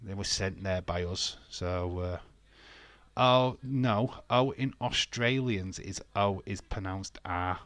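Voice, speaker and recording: British man, low voice, casual live-stream banter, reads chat comments, laughs a lot, dry close mic. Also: takes it slowly, a bit bright, dry recording. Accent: British English. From England. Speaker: watch-along host.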